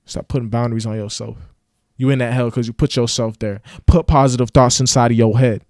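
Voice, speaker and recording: A man's voice: mid-range voice, steady tone, a little fast, a little mellow, no echo. Man, motivational rant, slangy, preachy, dry close sound. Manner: preachy, slangy, acts out mocking voices. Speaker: motivational vlogger.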